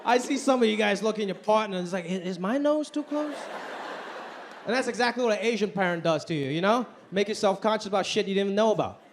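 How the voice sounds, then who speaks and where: A man in his thirties performing a stand-up comedy set on a theater stage, animated and acting out family members in exaggerated voices. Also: high-pitched, very fast, hardly any pauses. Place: large theater stage with live audience. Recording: live show with loud audience noise.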